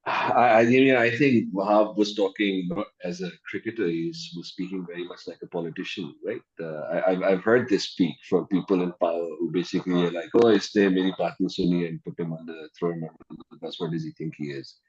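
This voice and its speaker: A man's voice: sits low, steady tone, brisk, hardly any pauses, slightly rough, muffled recording. A man giving emphatic cricket opinions in a podcast discussion. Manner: emphatic, laughs often. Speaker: cricket pundit.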